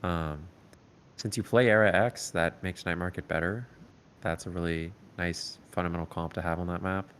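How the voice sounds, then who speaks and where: A man coaching a competitive team over voice chat, giving calm, step-by-step strategy advice with frequent "um"s. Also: deep voice, normal speed, slight background noise. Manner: calm, explanatory, filler-heavy advice. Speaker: esports coach.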